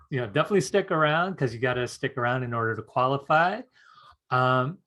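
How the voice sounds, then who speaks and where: Man, live-stream teacher, relaxed, conversational, mid-range pitch. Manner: relaxed and chatty, reads viewer comments aloud; soothing guided-meditation tone. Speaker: psychic teacher hosting a live online challenge.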